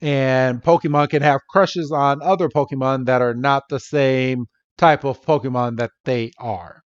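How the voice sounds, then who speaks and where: A man's voice: mid-range voice, no echo, lo-fi sound. A man co-hosting a podcast, recapping a cartoon episode in casual chat and briefly mimicking the characters as he goes. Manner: animated retelling with quick impressions of characters. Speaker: podcast co-host.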